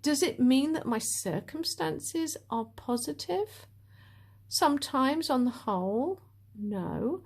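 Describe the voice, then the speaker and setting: A woman giving a casual spiritual talk as a tarot reader, animated and upbeat with lively swings in her voice. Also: sits high.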